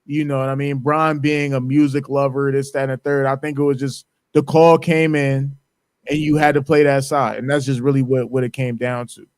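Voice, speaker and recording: A man co-hosting a casual podcast chat, animated and slangy, laughing as he tells it. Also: mid-range voice, normal speed, clean tone, dry recording. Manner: animated slangy storyteller, laughs, mock-quotes. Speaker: podcast co-host.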